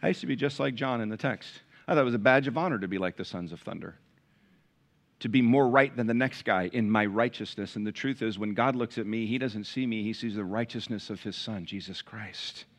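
A male pastor preaching a sermon to a large church, swinging from loud emphatic peaks to quiet, hushed lines. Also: lowish voice, brisk. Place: large church with balcony, live congregation.

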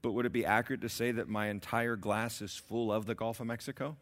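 A man preaching a sermon, asking his congregation questions and swinging between loud emphatic peaks and quiet low passages. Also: fairly even intonation, quick pace. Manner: asks the congregation rhetorical questions. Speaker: pastor.

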